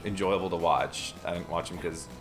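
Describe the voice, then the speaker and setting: A man's voice: low-pitched, brisk, soft background music. Rambling young man streaming a game. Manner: rambling anecdotes, frequent laughter. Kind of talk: casual chat while streaming a game.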